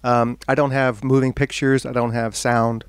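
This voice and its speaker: A man speaks at a bookstore event, telling a funny story to a gathered audience with lively, animated delivery. His voice sits at an ordinary middle pitch. The mic sound is dry and close, with little room echo. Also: moderate pace, clear, resonant tone. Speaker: author at a bookstore talk.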